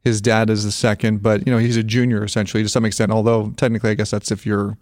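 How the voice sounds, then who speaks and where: Fast-talking low-voiced man, casual. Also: no echo, clean studio sound. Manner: quick, relaxed and conversational. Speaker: podcast guest, orthodontist. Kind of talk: casual chat.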